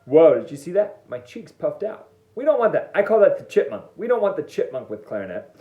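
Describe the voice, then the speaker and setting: Upbeat male band teacher, jokey and demonstrative, fairly high voice, recorded in a dull, lo-fi room. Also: big pitch swings, brisk, warm tone, a little hiss or hum. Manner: playful and jokey, demonstrating step by step. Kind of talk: online music lesson. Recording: echoey room, dull lo-fi sound.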